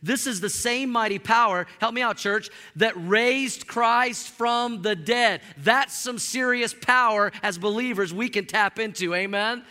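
High-voiced pastor preaching in a reverberant hall. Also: male voice, unhurried, few pauses, sharp tone. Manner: emphatic preaching with call-and-response to the congregation. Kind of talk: sermon.

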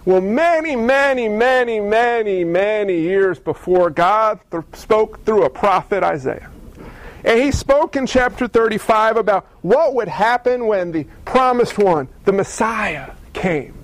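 High-voiced animated preacher man. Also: a little slow, no room sound, rough recording. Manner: animated, acts out voices of people in the story. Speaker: pastor. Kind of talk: sermon.

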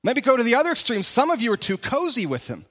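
A man's voice: extremely high pitch, wildly swooping pitch, fast, fairly bright tone. A male pastor preaching a conversational, emphatic sermon full of direct questions to the congregation in a large church hall.

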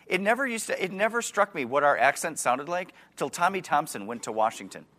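A man's voice: fairly high pitch, very animated, brisk, pushed and bright. A man in his forties with a Wisconsin accent, preaching a sermon in a conversational way and putting questions to his listeners. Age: 40s. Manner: conversational, asks the audience questions, restarts words.

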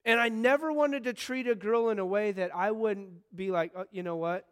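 High-voiced animated male preacher. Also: normal speed, smooth. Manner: conversational, animated storytelling with sudden bursts of excitement. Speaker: pastor. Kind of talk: sermon.

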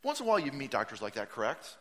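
Delivering his sermon very fast, a pastor acts out quotes and tells animated stories, rising to a shout for emphasis. His medium-pitched voice swoops wildly in pitch.

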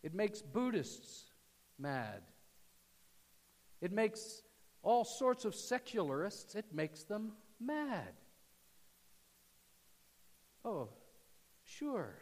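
Man preaching slow and dramatic, kinda high voice, echoey church sound, drops to almost whispering. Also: very animated. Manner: dramatic swings from loud emphasis to hushed near-whisper. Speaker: pastor. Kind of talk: sermon. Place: church sanctuary.

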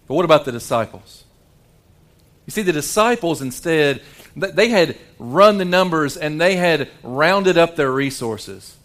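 Fairly high-voiced male preacher. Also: a little slow. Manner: dramatic, shifts between hushed low tones and animated quoted voices; repeats words and restarts often. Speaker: pastor. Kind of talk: sermon.

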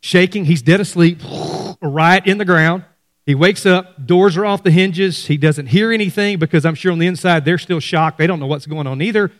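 A man's voice: high-pitched, moderate pace, no echo, studio quality. A middle-aged man preaching a sermon, speaking animatedly to his congregation. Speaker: pastor.

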